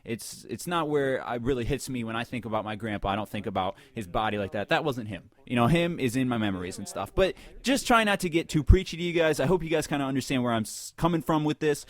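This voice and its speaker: A man's voice: mid-range voice, lively intonation, fast, few pauses. A man giving rambling, crude, joking commentary over gameplay, talking to his viewers into a close desk mic. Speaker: gaming video host.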